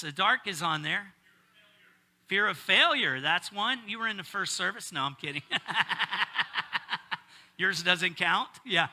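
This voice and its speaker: A man's voice: high voice, sharp tone. A middle-aged male pastor preaching a casual sermon, joking and bantering with his congregation.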